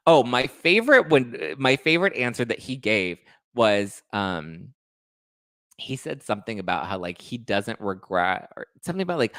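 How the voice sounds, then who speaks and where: A man hosting a casual chat show, talking in a gossipy, animated way. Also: lowish voice, normal speed, no room sound, clean studio sound. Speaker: host.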